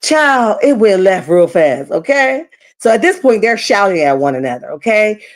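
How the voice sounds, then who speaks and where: Female recap host, animated and expressive, acts out every quote. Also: mid-range voice, normal speed. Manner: animated, dramatic retelling with acted quotes. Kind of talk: casual recap commentary.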